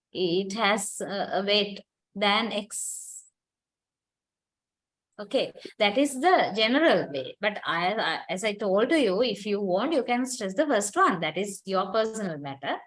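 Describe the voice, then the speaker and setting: A woman's voice: on the high side, poor audio. A woman giving a university lecture, explaining patiently, quizzing students and using many fillers.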